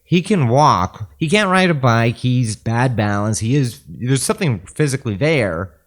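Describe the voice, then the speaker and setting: Animated man telling a friend's story. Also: medium pitch, normal speed. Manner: earnest anecdotal storyteller. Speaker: podcast co-host. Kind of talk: casual podcast chat.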